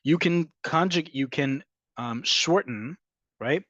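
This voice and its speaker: A man teaching an online language lesson, explaining patiently and repeating key words slowly for emphasis. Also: on the high side, a bit bright, no echo, dull audio. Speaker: Hebrew teacher.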